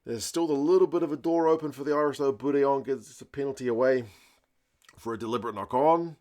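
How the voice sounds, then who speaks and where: A man's voice: mid-range voice, fast talker, dark tone. A young man hosting a casual rugby match review, chatty and conversational, using fillers and mild slang. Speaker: rugby channel host.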